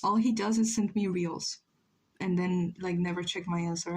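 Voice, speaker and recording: Husky young woman chatting on stream. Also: lowish voice, steady tone, normal speed. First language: Spanish. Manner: chatty, joking with chat, frequent laughs. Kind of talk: casual chat while drawing on a livestream.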